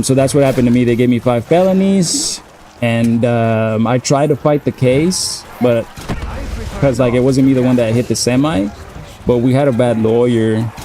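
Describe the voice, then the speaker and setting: A man's voice: medium pitch, mellow, a little hiss or hum. A man in his thirties telling a long story in a loose, casual way, full of fillers and swearing. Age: 30s. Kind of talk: casual storytelling while gaming.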